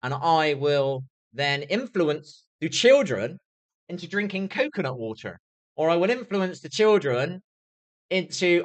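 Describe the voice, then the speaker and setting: A man's voice: on the high side, expressive, moderate pace. A young man livestreaming an angry, swear-filled rant, often asking "do you know what I mean". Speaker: streamer.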